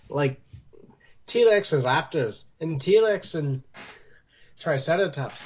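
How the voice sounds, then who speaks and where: Higher-voiced man joking on a podcast. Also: lively intonation, takes it slowly, long pauses, darkish tone. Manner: short agreeing replies, joking. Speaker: podcast co-host. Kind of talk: casual film discussion. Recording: dull lo-fi audio.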